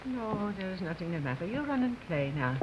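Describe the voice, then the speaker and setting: Actress as gentle hesitant wife, distant, noisy lo-fi TV. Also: female voice, medium pitch, sing-song, normal speed, natural voice. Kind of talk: 1950s live television drama. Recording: dull distant 1950s TV audio with noise.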